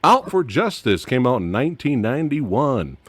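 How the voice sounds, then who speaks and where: A man hosting a casual movie-review chat, animated and laughing often, his voice dropping low at the end of phrases. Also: normal speed, breathy edge, dry recording. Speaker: podcast host.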